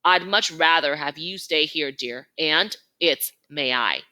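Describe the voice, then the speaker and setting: A woman's voice: sits low, takes it slowly, pushed and bright, full character voice. A woman voicing a commanding yet caring female elephant matriarch in a storybook reading, firm in her instructions.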